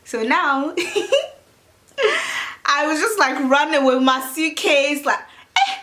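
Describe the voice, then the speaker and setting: A young woman tells a story straight to camera in a casual vlog, talking in an animated, chatty way and leaning on "like" as she goes. Her voice sits a little higher than most women's. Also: slow pace. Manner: animated, chatty, full of "like" fillers. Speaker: vlogger.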